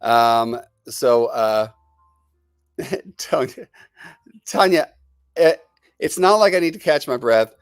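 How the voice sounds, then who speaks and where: A man's voice: mid-range voice, lively intonation, measured pace, clean tone, no echo, clean studio sound. A man hosting a live stream, chatting to viewers and answering their comments in a rambling, enthusiastic, salesman-like way. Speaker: host.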